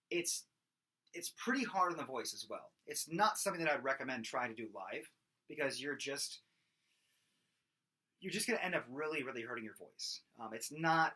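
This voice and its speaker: With a breathy voice on the high side, a male vocal coach teaches singing casually. He rambles through explanations, restarting and using lots of fillers, interrupted by loudly belted and screamed sung demonstrations.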